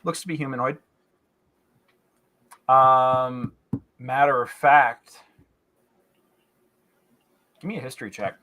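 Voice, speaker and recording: Bright-voiced man running a tabletop game. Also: mid-range voice, takes it slowly, pauses often. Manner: descriptive, with frequent fillers and restarts. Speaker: game master.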